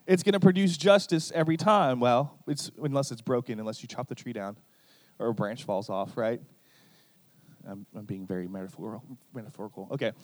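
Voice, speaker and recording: A man's voice: on the high side, no echo. A man preaching a sermon in a conversational way, often asking his listeners "right?" and acting out short quoted exchanges. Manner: illustrative, acts out quoted exchanges.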